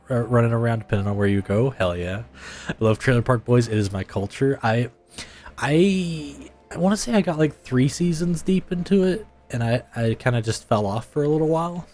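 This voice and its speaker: A man's voice: mid-range voice, brisk, darkish tone, slight background noise. A man streaming a game live, chatting casually with viewers in a laid-back way and laughing often.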